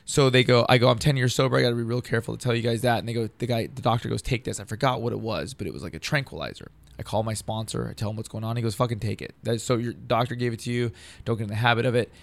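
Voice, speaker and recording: A man's voice: medium pitch, steady tone, very fast, gravelly. A man telling a long personal story in casual, profane, rambling talk, acting out what others said.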